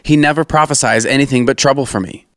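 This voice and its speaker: A man's voice: medium pitch, fairly quick, vocal fry, dry recording, studio quality, lightly acted. A man reading aloud, playing a resentful, demanding king in a scripture reading. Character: angry scheming male king.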